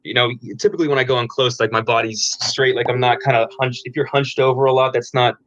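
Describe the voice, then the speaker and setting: A man's voice: mid-range voice, fairly even intonation, fast, a bit bright, no echo. A man in his twenties, a guest on an interview show, explaining dating advice frankly with plenty of fillers and restarts. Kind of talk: casual interview answers. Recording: dull lo-fi dry audio.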